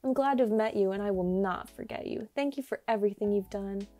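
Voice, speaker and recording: A woman's voice: mid-range voice, quick pace, mellow, close to an everyday voice. A woman reading aloud a farewell from a female rabbit villager in a video game, near her own voice, over earbuds. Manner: reads game dialogue aloud plainly.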